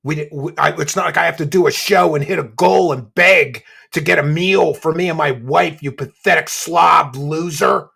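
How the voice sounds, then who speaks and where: A man hosting a commentary show, ranting and mocking, swinging between low muttering and loud shouting. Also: moderate pace, gravelly, hardly any pauses, breathy edge.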